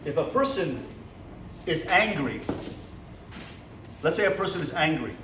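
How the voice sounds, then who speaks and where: His voice on the high side with big pitch swings and a slightly slow pace, a rabbi gives a motivational lecture in a seminary classroom. He asks the class questions and acts out little dialogues. Background noise accompanies a distant recording in an echoey room.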